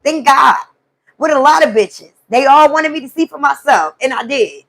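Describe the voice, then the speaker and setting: High-voiced woman venting. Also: normal speed. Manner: animated, profane storytelling to a live chat. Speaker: live stream host. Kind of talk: casual venting monologue.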